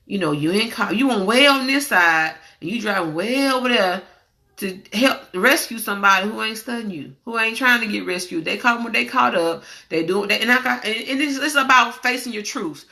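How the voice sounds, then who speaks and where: Woman host, candid inspirational talk, gravelly, forceful delivery, preachy and repetitive. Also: on the high side, animated, moderate pace. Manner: candid, preachy, drawls and repeats.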